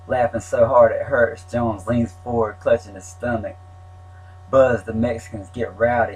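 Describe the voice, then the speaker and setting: A man's voice: medium pitch, steady tone, normal speed, darkish tone, husky, faint music behind, low-quality recording. A man reading his own story aloud in a plain, wry telling. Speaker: memoir narrator.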